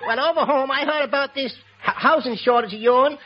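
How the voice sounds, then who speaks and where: A man's voice: very high-pitched, brisk. A man playing a brash American braggart. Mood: boastful. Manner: folksy drawl, bragging. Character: boastful brash American visitor. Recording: lo-fi old radio recording with noise.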